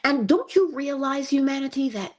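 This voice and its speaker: A woman giving a passionate spiritual motivational talk, slowing down and stretching key words for emphasis. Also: sits high, animated. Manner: passionate, preachy, rising and falling emphasis. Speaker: inspirational speaker.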